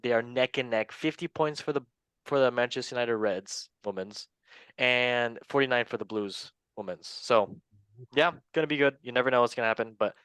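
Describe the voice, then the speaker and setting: A man's voice: medium pitch, a bit bright, dry recording. Dry-voiced joking man hosting football talk. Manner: joking, rambling, self-mocking asides. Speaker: show host. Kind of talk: casual football news chat.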